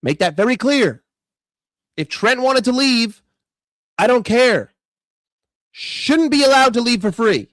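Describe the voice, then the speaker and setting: A man's voice: very high-pitched, animated, slow pace, pauses often, a bit bright, no room sound, clean studio sound. A man with a New York accent, ranting sarcastically and with lots of swearing in a fan commentary video. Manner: sarcastic, profane, heated. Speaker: football fan vlogger.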